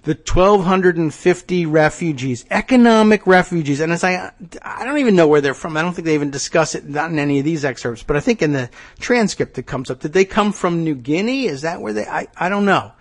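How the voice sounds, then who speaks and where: A man's voice: a little high, animated, brisk. A man hosting a political talk show, reading from an article and breaking off into sarcastic, incredulous commentary. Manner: frequent restarts and fillers when riffing.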